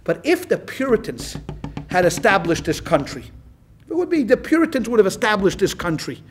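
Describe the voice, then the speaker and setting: Animated high-voiced man teaching. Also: moderate pace, soft background music. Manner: animated and conversational, with many restarts. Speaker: rabbi. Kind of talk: classroom lecture. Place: class with a live audience.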